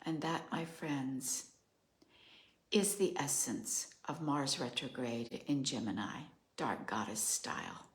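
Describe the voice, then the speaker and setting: Low, slow-spoken older woman astrologer. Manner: measured, musing, with fillers. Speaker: astrologer host. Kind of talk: reflective solo monologue. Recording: roomy echo.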